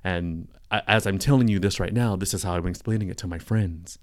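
Low-voiced man, earnest and reflective. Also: brisk, dry recording, studio quality. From Stockton, California. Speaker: podcast guest, coworking space owner. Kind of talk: casual podcast interview.

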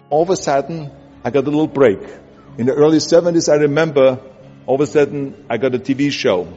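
A man's voice: medium pitch, a little mellow. Emphatic German-accented man in a hall. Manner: emphatic, repetitive, urging. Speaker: motivational speaker. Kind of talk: motivational speech. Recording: dull audio with long hall reverb. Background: music bed.

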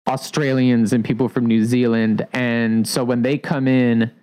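Picture a laid-back man chatting casually on a podcast, his voice sitting in an ordinary middle pitch. He rambles loosely, stacking up fillers as he explains the finer points of making coffee drinks. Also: a little slow, smooth, low-quality recording. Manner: relaxed, rambling, many fillers like "like". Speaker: coffee shop barista.

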